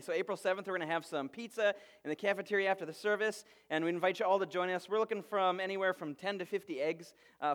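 A man in his thirties, a pastor preaching a sermon and telling stories with lively quoted voices. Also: sits high. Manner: storytelling, animated quoted voices.

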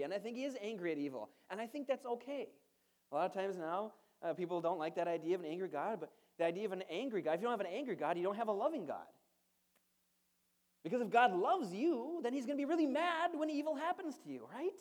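A man's voice: high voice, a little mellow. A male pastor giving a sermon in a conversational style, asking the congregation rhetorical questions and adding playful asides.

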